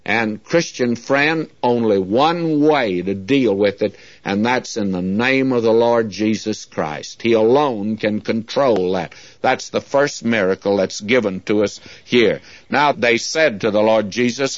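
A man's voice: lowish voice, unhurried, few pauses, no echo. Folksy man preaching. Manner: earnest, folksy, often says "friends". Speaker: Bible teacher. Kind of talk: sermon. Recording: dull lo-fi dry recording.

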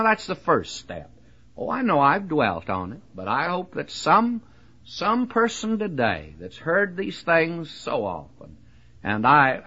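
A man's voice: mid-range voice, bright, forceful tone, breathy edge. A man preaching a radio sermon, earnest and pleading, repeating his phrases with frequent "uh" fillers. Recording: dull lo-fi old radio broadcast.

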